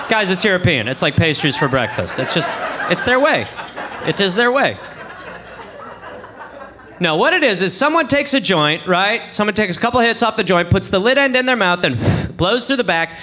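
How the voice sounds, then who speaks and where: Man, stand-up comedian, high lively voice, faint room hum, laughs at his own jokes, live comedy club. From England. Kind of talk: stand-up routine. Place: comedy club stage before a live audience.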